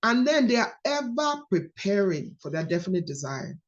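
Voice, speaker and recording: A woman's voice: medium pitch, moderate pace, slight background noise. A woman coaches a group over a video call, her voice sitting in a middle register. She leans on repetition, saying key phrases twice to drive them home. The audio is dull and lo-fi, typical of an online meeting. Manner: expressive, repeats key phrases for emphasis. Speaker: coach leading a book study.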